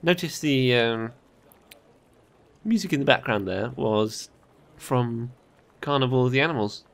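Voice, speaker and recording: A man's voice: mid-range voice, expressive, measured pace, creaky, a bit bright. A British man hosting a let's play, chatting casually and reading game text aloud.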